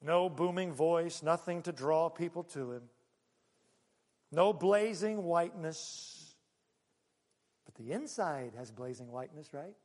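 Preaching unhurriedly with long pauses, a pastor whose voice is high for a man alternates loud outbursts with quiet, hushed asides. The long reverb of a big hall colors the sound.

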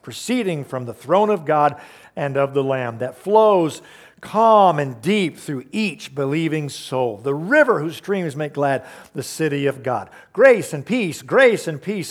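A man's voice: a little high, animated, unhurried. A man preaching a sermon, emphatic, asking the congregation rhetorical questions and explaining verses. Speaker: pastor.

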